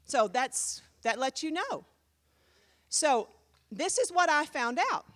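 Lively high-voiced woman pastor preaching. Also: slow pace. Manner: emphatic, conversational preaching with sudden jumps in volume. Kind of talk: sermon teaching.

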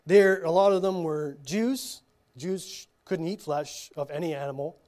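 A man reading scripture slowly at a church teaching, breaking off for casual asides and frequent checks like "okay?". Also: on the high side, a little mellow. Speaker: Bible study teacher.

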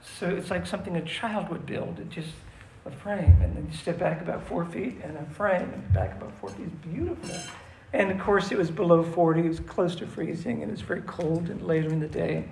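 A pastor preaching in a relaxed, storytelling way, his slightly high voice rough with gravel. He sounds like he is in an echoey room with a faint background hum. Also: a little fast. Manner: conversational storytelling, earnest prayer. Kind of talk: sermon.

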